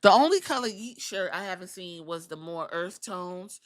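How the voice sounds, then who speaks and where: A woman's voice: on the low side, animated, normal speed. A woman hosting a casual wrestling recap podcast, sassy and profane, acting out the people she talks about in put-on voices. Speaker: podcast host.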